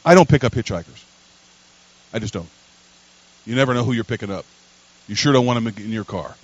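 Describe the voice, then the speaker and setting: A pastor, telling a story in a sermon and building to loud emphatic preaching. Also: male voice, mid-range voice, animated, a little fast, no room sound, lo-fi sound.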